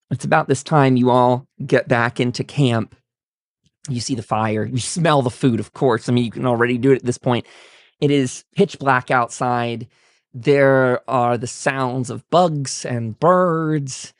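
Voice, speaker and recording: Game master, man; easygoing narration, slow delivery, dry close sound. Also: medium pitch, no room sound. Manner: relaxed, many fillers, laughs while describing.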